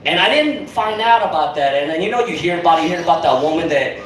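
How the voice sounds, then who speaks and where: A man's voice: on the high side, lively intonation, fast, fairly bright tone, a little hiss or hum. A young man doing a rambling, profane stand-up set on a comedy club stage. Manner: rambling, profane, lots of fillers. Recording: echoey club, mic from far off, crowd. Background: audience laughing.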